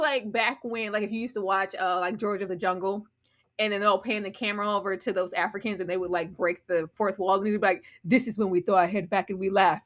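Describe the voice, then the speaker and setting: A woman's voice: a little high, a bit bright. A woman hosting a live reality-show recap, talking animatedly and acting out quoted voices. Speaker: host.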